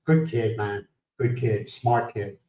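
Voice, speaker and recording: A man's voice: lowish voice, slow pace, warm tone, reverberant, distant mic, low-quality recording. A man from the United States hosting a livestream, chatting casually, telling rambling stories, laughing and greeting viewers by name. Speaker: livestream host. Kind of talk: casual chat.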